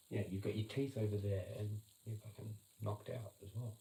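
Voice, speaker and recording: Man, livestream chat, low gravelly voice, rambling and swearing, echoey room, loud background noise. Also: steady tone, normal speed. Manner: swearing, rambling, mimics blows with sound effects.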